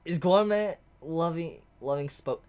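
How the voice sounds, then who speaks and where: A manga reviewer reacting aloud while reading a chapter, thinking out loud, restarting sentences and breaking into delighted shouts. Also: mid-range voice, measured pace, smooth.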